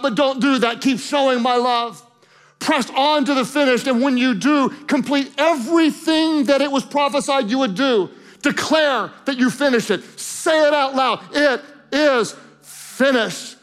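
A man's voice: very high voice, fairly bright tone, pitched above the performer's own voice. A man voicing a loving divine father who speaks earnestly to his son in a sermon. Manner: earnest, pleading, solemn.

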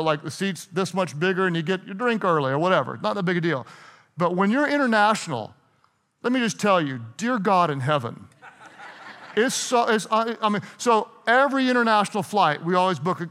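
A middle-aged man preaching a sermon, telling stories in an animated way, restarting and repeating himself. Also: sits high. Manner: storytelling, animated, self-interrupting with repeated restarts. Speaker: pastor. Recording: hall reverb.

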